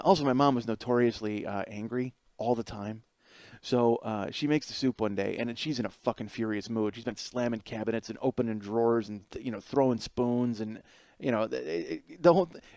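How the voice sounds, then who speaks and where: Middle-aged male podcast host: animated comic storyteller who swears a lot, close and dry, mid pitch. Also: no echo. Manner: animated, swears freely, laughs through punchlines. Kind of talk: comedic storytelling monologue.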